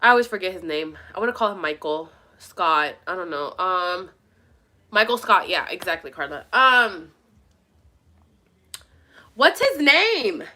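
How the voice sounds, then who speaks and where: A woman's voice: on the low side, lively intonation, moderate pace, sharp tone. A young woman talking casually to her viewers, rambling and emphatic, swearing a lot. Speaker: vlogger. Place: at her mother's home.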